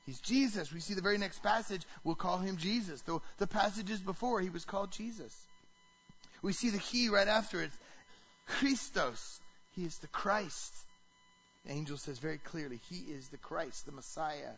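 A man preaching a sermon to a congregation, animated, often asking the listeners questions. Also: high-pitched, normal speed, husky, dull audio. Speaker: pastor.

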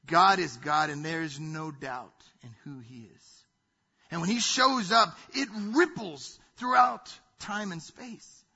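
A man preaching a sermon in a high, bright voice. He is dramatic, rising to loud acted quotes and then falling to hushed asides. His voice is husky, and the recording is dull and lo-fi. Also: slow. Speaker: pastor.

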